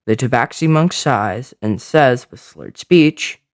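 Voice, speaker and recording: A man's voice: mid-range voice, animated, takes it slowly, no echo, clean studio sound. A man narrating a fantasy adventure story, describing scenes with small slips.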